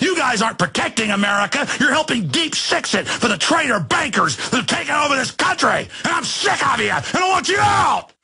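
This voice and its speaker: A man hosting a talk show, delivering a furious, insulting ranting monologue with a gravelly, raspy voice. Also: extremely high pitch, sharp tone.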